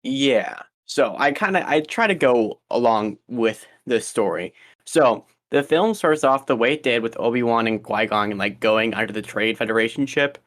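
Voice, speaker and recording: A young man co-hosting a podcast in loose, casual chat. He rambles through his ideas with plenty of ums and restarts. His voice sits in an ordinary middle pitch. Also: lively intonation, normal speed, fairly bright tone. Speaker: podcast co-host.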